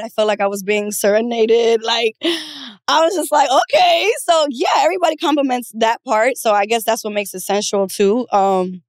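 A woman's voice: on the high side, no echo, studio quality. Shy, giggly woman guest. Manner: laughs often, soft and shy. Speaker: guest, massage therapist. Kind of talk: casual podcast chat.

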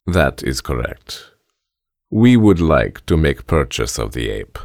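A man's voice: extremely low pitch, very animated, slow, darkish tone, no echo, clean studio sound, exaggerated voice. A man voicing a formal, stilted Romanian man with a Romanian accent. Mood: stiff. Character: stiff, formal Romanian man, mysterious buyer.

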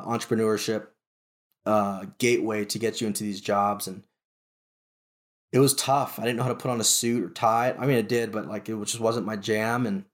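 A man, a military veteran, telling his story in a casual interview with lively retellings, many restarts and fillers. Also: medium pitch.

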